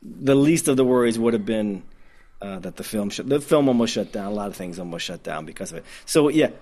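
A man with a Midwestern accent talks about making documentaries in a relaxed interview. His voice sits on the low side, and he rambles eagerly, circling back and restarting his sentences. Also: fairly quick. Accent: Midwestern American. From Detroit, Michigan. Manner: enthusiastic, rambling, frequent restarts and laughs. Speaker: documentary filmmaker. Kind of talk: casual interview conversation.

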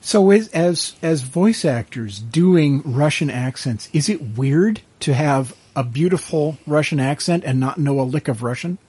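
A man's voice: fairly high pitch, expressive, measured pace, few pauses, warm tone, breathy edge. A man hosting a casual panel interview, speaking thoughtfully with many hesitations. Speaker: interview host.

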